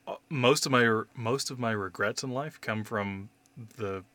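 A man's voice: mid-range voice, measured pace, dry recording. Candid, swearing man in casual chat. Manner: candid, swears freely, animated storytelling. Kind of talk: casual conversation.

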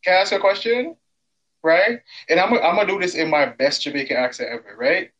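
A man co-hosting a casual podcast, his voice sitting a little high. He asks playful, teasing questions and keeps things light. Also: very animated, brisk, a bit bright, lo-fi sound. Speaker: podcast co-host.

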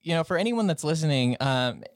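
A man hosting a podcast, chatting in an upbeat way and laughing quickly. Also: fairly high pitch, lively intonation, no room sound, studio quality. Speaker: podcast host. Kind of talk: casual podcast chat.

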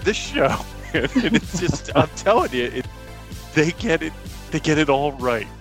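A man hosting a podcast, talking in a casual, excited way with lots of restarts and fillers. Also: a little high, unhurried, faint music behind. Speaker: podcast host. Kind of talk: casual chat.

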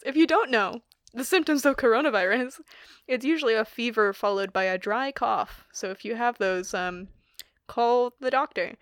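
A woman's voice: a little high, moderate pace, dry recording. Chatty young woman with a dry close sound. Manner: chatty, rambling, laughs often, many fillers. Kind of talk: casual chat.

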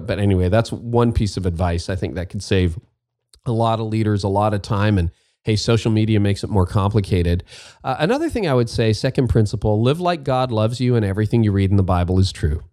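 A man's voice: on the low side, expressive, fairly quick, mellow, no room sound, clean studio sound. A middle-aged man from Canada hosting a podcast, answering listener questions in a candid, self-deprecating way and repeating his key points. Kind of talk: casual advice talk.

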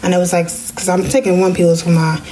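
Young woman telling a story, lowish voice. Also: quick pace. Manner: animated, jumps into high voices when quoting people. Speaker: podcast host. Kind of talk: casual storytelling.

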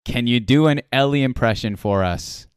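A man's voice: mid-range voice, normal speed, smooth, dry recording, clean studio sound. A man hosting a casual chat, joking and reading chat questions aloud to his guest. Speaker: podcast host interviewing a streamer.

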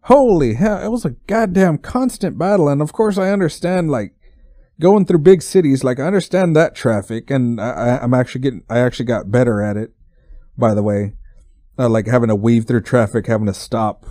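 Mellow-voiced young man, rambling and profane. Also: medium pitch, fairly even intonation, normal speed, no room sound, studio quality. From Texas. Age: 20s. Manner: profane, rambling, stumbling restarts. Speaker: podcast host. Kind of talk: casual rambling storytelling.

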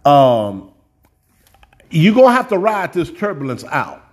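A man with a fairly high voice preaches a sermon in a loose, folksy way. He speaks straight to his listeners and doubles back on words as he builds each point. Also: wildly swooping pitch, unhurried. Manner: repeats words while building up, folksy and direct.

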